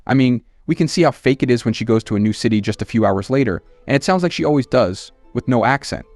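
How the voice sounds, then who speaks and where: A man's voice: mid-range voice, animated, fast talker, a little mellow, dry recording, faint music behind. A man hosting a channel, reading scripted political commentary in a scornful, emphatic way.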